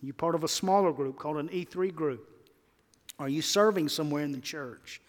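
A man preaching a sermon as pastor, emphatic, swinging between loud exhortation and quiet earnest tones. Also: on the high side, a little fast, long reverb tail.

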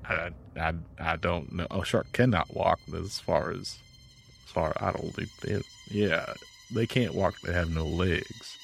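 A man's voice: sits low, a little slow, gravelly, a little hiss or hum. A man chatting as a player in a tabletop game, hesitant and unsure. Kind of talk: casual chat in a tabletop game.

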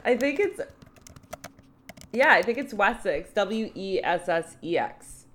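A woman's voice: medium pitch, lively intonation, slow, a bit bright. A woman co-hosting a podcast, recapping a TV episode in casual chat with a dry, wry manner. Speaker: podcast co-host.

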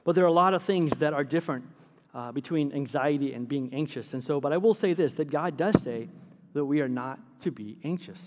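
Over a noisy background and long sanctuary reverb, a middle-aged pastor preaches briskly in a slightly high voice. He tells stories and pokes fun at himself throughout the sermon.

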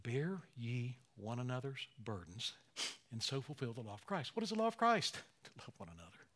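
A man in his sixties preaching a sermon, emotional, dropping to near-whispers and rising to loud, fervent emphasis, slowing on key phrases. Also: medium pitch, very animated. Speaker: pastor.

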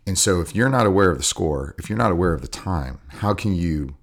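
Deep-voiced Southern man coaching. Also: expressive, fairly quick. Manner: acts out coaches yelling from the sidelines. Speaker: podcast co-host, BJJ coach. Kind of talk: casual podcast chat.

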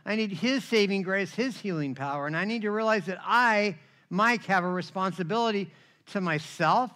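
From the pulpit, a middle-aged pastor shares his testimony as part of a sermon, speaking at normal speed with a bright, high voice. Animated and forceful, he acts out others' voices and keeps asking "right?"

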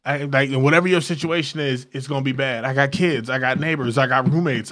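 A man co-hosting a casual chat, telling crude stories in an animated way and acting out what people said. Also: mid-range voice, a little fast. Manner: crude, animated storytelling with acted-out quotes. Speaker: podcast co-host.

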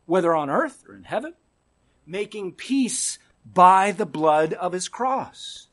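A male preacher with a high voice that swings widely as he delivers a sermon. He lingers over his words, unhurried and deliberate, and often sinks to a near hush on the key phrase. He keeps putting rhetorical questions to his congregation. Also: very animated. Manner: emphatic, dramatic drops to quiet for emphasis.

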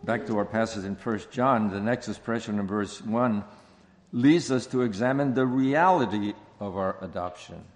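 A man preaching an expository sermon, speaking slowly and deliberately and repeating key phrases for emphasis. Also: fairly low pitch. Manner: slow, deliberate preaching with stressed repetitions. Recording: long hall reverb.

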